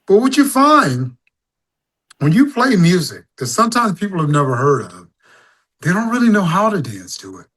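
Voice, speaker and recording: Animated storytelling man, slightly high voice. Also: moderate pace, slightly rough. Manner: animated storyteller, acts out crowd calls. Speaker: singer-songwriter guest. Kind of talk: casual interview storytelling.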